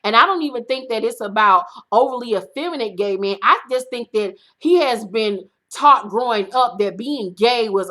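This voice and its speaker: A woman hosting her own show, giving a blunt, profane, sassy recap of a reality TV episode. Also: a bit bright. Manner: acts out her own reactions in a high voice. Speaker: host.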